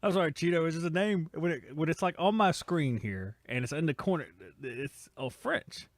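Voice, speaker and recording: A man's voice: fairly high pitch, animated, normal speed, no echo. A man hosting a casual live stream from a home studio, reading chat comments aloud and teasing the commenters in a rambling, joking way.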